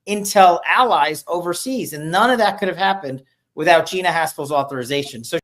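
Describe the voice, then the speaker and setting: A commentator in a played clip gives explanatory political commentary, laying out a chain of facts in a brisk and detailed way. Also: mid-range voice, fairly bright tone.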